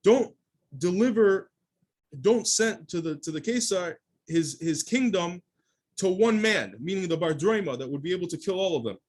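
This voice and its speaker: A rabbi gives his daily Talmud lesson in a fairly high voice for a man. He reads the Aramaic text line by line and then explains it in plain English. He often stops and restarts as he searches for the right wording. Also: animated, moderate pace, darkish tone. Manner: explains phrase by phrase, with frequent restarts.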